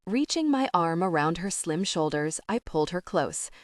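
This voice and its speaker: A woman's voice: lowish voice, lively intonation, normal speed, no echo, studio quality. Intimate woman narrating an audiobook. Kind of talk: scripted narration.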